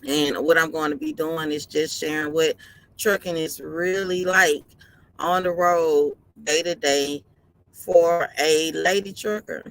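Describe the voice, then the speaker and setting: A woman's voice: sits low, steady tone, takes it slowly, low-quality recording. A woman truck driver talking casually on a live stream from inside her parked truck cab, tired and yawning, earnestly repeating her advice.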